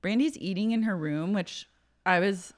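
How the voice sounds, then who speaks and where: A woman co-hosting a podcast, chatting casually and wryly about a reality show. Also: mid-range voice. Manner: quick and wry, acts out quotes. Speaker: podcast co-host. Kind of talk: casual chat recapping reality TV.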